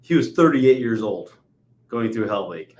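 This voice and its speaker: A man in his forties hosting a podcast interview, telling stories with lively energy. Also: lowish voice, measured pace. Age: 40s. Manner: animated storyteller, acts out quotes. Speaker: podcast host. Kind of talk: conversational interview. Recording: echoey room.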